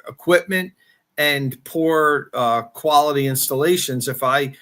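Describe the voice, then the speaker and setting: A man's voice: on the high side, a little slow, fairly bright tone. A man guest on a podcast, explaining his project casually with some fillers. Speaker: podcast guest, channel creator. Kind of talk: casual interview answer.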